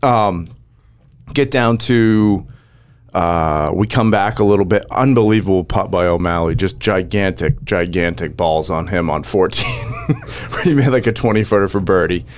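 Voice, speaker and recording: A man's voice: deep voice, smooth. A man in casual chat, animatedly recounting a match shot by shot. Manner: animated storyteller, rapid play-by-play recounting.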